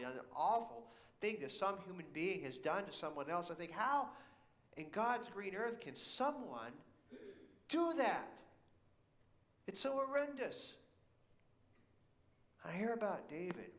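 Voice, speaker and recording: A man preaching. His voice sits a little high for a man, and he tells a long personal story, leaping up in pitch to act out the people in it. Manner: animated storyteller, voicing quoted people with big jumps in pitch. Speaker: pastor.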